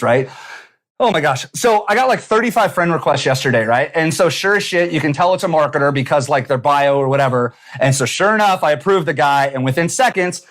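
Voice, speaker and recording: A man with a fairly high voice coaches business owners in a punchy, animated talk. He acts out little bits of dialogue and swears casually as he goes. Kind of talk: energetic motivational talk to camera. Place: San Diego.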